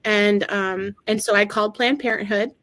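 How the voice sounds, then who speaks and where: A woman telling an emotional personal story in an interview, talking haltingly with many fillers and restarts. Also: medium pitch, steady tone, a bit bright, no room sound, low-quality recording. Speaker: guest sharing her story. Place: lives in Maryland.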